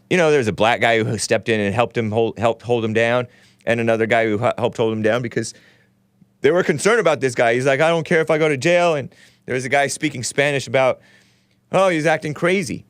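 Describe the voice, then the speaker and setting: A man's voice: medium pitch, fairly quick, clean tone, dry recording. A man hosting a casual call-in talk show, rambling and sarcastic, reading news aloud with his own running commentary and stumbling over names.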